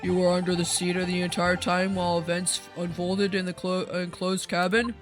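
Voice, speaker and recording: A woman's voice: fairly low pitch, little pitch movement, normal speed, music in the background, pitched below the performer's own voice, lightly acted. Woman doing a stern haughty male prosecutor. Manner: formal, disdainful, clipped. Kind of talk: reading game dialogue aloud.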